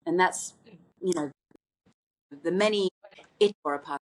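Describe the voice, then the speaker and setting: A woman's voice: fairly low pitch, a little slow. A woman podcast guest telling a personal story in an earnest, reflective way, often restarting her sentences.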